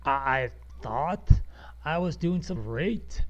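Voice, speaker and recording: A young man rants in a furious outburst, swearing nonstop and tripping over repeated words. His voice sits a little on the high side. The home recording sounds muffled and lo-fi. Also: lively intonation, slow. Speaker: podcaster. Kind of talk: angry rant. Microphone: computer voice recorder.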